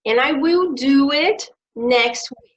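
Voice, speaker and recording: Brazilian lady english teacher, fairly high voice, explains things step by step, muffled lo-fi video call. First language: Portuguese. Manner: measured, explanatory, gives tips. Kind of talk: casual conversation.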